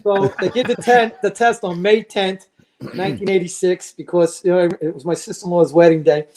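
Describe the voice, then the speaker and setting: Man in his 60s, high-pitched, podcast guest, lively storyteller, acts out quotes. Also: brisk. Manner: lively anecdotes, acting out quoted voices. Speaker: podcast guest, retired fire lieutenant. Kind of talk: casual storytelling.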